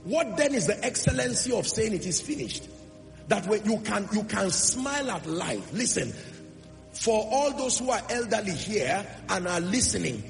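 A man preaching a sermon to a church congregation, emphatic, with rhetorical questions and swings between loud declarations and soft asides. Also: high-pitched, creaky. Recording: long hall reverb with music underneath. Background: music.

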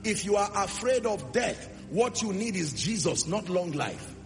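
A man preaching a sermon to a church congregation, emphatic, with rhetorical questions and swings between loud declarations and soft asides. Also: high-pitched, sing-song, measured pace. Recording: long hall reverb with music underneath. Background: music.

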